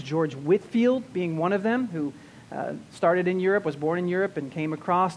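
A male pastor teaching a sermon, restarting and repeating words as he goes, slowing down to stress key terms. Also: high-pitched, a little hiss or hum.

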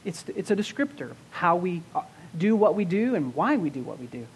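A male pastor teaching a sermon, restarting and repeating words as he goes, slowing down to stress key terms. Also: sits high, sing-song, slight background noise.

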